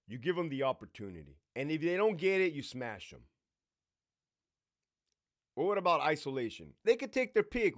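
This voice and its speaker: A swaggering man who once worked as a prison officer tells stories in a loose, foul-mouthed monologue. His voice sits a little high and leaps up and down with lively energy. He talks bluntly, like he is holding court. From California. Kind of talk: casual storytelling monologue.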